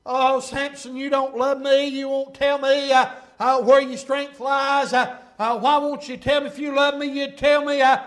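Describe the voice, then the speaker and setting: A nagging young woman, whining and begging with stammering fillers, as a high-voiced preacher puts her on. The voice sits very high for a man's. It comes across as needling and persistent. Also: level tone, moderate pace, hardly any pauses, a bit bright. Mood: whining pleading. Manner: begging, wheedling, full of fillers.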